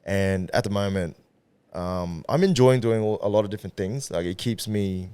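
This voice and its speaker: A man's voice: fairly low pitch, normal speed, smooth. A man in his thirties, a podcast guest talking casually and with energy, swearing freely and acting out what people say. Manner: animated, swears freely, acts out quoted voices. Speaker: podcast guest, event organizer and rapper. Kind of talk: casual conversational interview.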